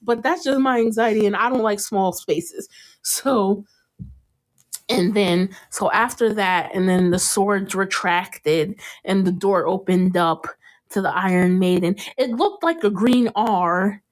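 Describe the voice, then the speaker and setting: Animated woman podcast host recapping a show. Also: unhurried. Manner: animated, acts out quotes in a jumped-up pitch, laughs often. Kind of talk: casual chat recapping a TV episode.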